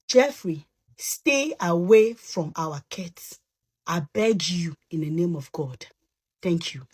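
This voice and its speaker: A woman's voice: mid-range voice, expressive, husky. A woman speaking as a parent in an impassioned, pleading appeal. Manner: pleading, deliberate.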